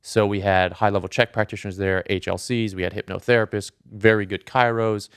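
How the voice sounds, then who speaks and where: Male podcast guest, earnest explainer, smooth low voice, dry close sound. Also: steady tone, fairly quick, no echo. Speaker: podcast guest, strength coach. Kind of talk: casual podcast interview.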